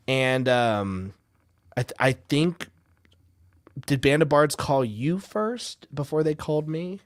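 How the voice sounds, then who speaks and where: A man's voice: mid-range voice, lively intonation, slow pace, dry recording, studio quality. Rambling, swearing man on a podcast. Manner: rambling, profane, repeats words. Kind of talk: casual chat.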